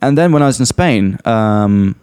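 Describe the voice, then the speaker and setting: A young man chats on a podcast, his pitch sitting in a middle register while it leaps up and down as he tells his story. He laughs often and talks in a casual, animated way. The sound is close and dry, with no room around it. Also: moderate pace, clear, resonant tone, no echo. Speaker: podcast host and English teacher.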